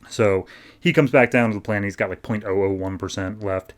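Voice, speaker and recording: Reviewing and recapping comics on his podcast, the host speaks fairly quickly in a fairly low voice. He keeps things loose and conversational, leaning constantly on "like" and other fillers.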